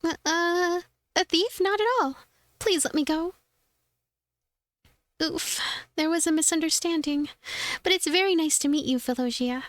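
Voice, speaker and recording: A woman's voice: extremely high pitch, unhurried, long pauses, dry recording, pitched above the performer's own voice. A woman voicing a perky little female spider devil helper in a game, eager and polite.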